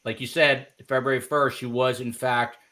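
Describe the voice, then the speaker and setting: A man's voice: mid-range voice, little pitch movement, normal speed, bright, forceful tone. A man hosting a podcast interview who asks loose, friendly questions full of fillers. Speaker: podcast host. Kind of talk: casual interview chat.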